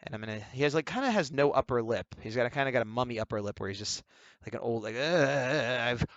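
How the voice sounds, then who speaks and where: A man's voice: mid-range voice, animated, very fast, no echo, highs cut off. Rambling, jokey man, dry close sound. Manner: rambling, jokey, self-mocking asides. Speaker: artist teaching drawing. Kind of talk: casual commentary while sketching.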